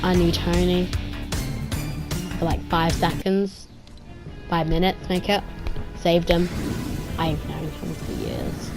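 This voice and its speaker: A woman giving a casual spoken movie review, retelling scenes excitedly with pew-pew sound effects and drifting into quiet, rambling asides. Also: fairly low pitch, takes it slowly, creaky, long pauses, music in the background.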